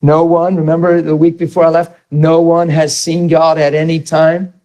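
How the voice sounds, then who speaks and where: A man's voice: fairly high pitch, little pitch movement, normal speed, dark tone, low-quality recording. A man preaching a sermon, telling a story and asking the audience questions.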